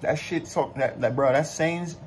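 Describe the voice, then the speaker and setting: A man's voice: a little high, normal speed, a little hiss or hum. A young man casually chatting to viewers while eating in a food vlog, full of laid-back slang and hype. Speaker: mukbang vlogger.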